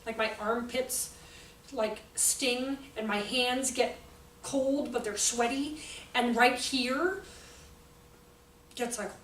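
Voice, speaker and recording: A middle-aged woman giving an animated, chatty workshop talk to educators. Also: on the high side, takes it slowly, long pauses, a little hiss or hum. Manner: animated, chatty, acts out kids' outbursts. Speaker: teacher trainer. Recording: echoey room, voice from a distance.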